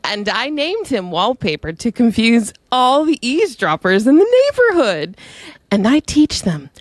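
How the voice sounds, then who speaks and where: A woman voicing a sweet, prim old church-lady grandmother who talks slowly and dotingly. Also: a little high, sing-song, no echo.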